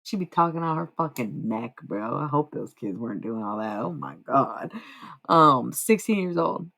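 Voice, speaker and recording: Low, gravelly woman chatting on stream. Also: animated, normal speed. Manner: rambling, profane, talks to chat; swings from quiet musing to loud bursts. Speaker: live streamer. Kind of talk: casual live-stream chat.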